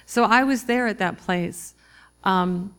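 A woman in her forties, an author telling a personal story to a live audience in a reflective, halting way, with many restarts and fillers. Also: mid-range voice, clear, resonant tone. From Minnesota, US. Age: 40s. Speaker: author giving a talk.

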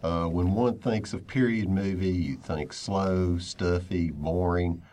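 A man's voice: sits low, slow pace, mellow. A man co-hosting a podcast, recommending a movie in an upbeat, casual way. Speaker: podcast co-host.

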